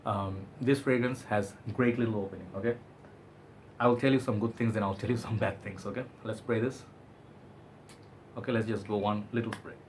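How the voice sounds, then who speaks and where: A man's voice: lowish voice, fairly even intonation, a little fast, a little hiss or hum. A man giving a chatty, enthusiastic product review, often hedging with "I think". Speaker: fragrance reviewer.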